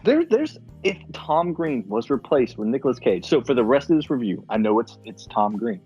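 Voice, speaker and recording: A man co-hosting a loose movie podcast, talking with an animated, swinging pitch. His voice is husky and a bit breathy. The audio sounds slightly dull and muffled. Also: normal speed, faint music behind. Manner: animated, laughing, profane. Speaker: podcast co-host. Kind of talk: casual movie-review chat.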